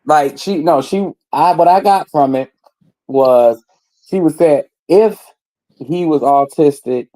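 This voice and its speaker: A man with a slightly high voice in a casual chat, stumbling over his words and restarting sentences as he explains. He laughs along with the teasing. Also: slow pace, dark tone, low-quality recording. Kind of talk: casual chat about online drama.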